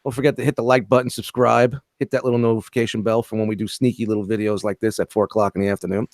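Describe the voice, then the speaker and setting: A man co-hosting a toy collector stream, casual and profane, quick to joke and read out chat comments. His voice sits at an ordinary middle pitch. The sound is dry and close, with no room echo. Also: level tone, a little mellow. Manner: profane, joking, reads viewer comments aloud. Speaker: co-host of a toy collector show.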